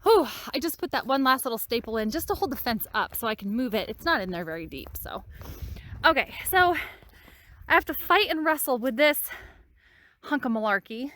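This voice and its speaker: A woman's voice: sits high, big pitch swings, brisk, a bit bright. Breathless, exasperated woman outdoors. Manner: exasperated, venting. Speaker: farm vlogger. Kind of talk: casual vlog chat. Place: outdoors on a farm.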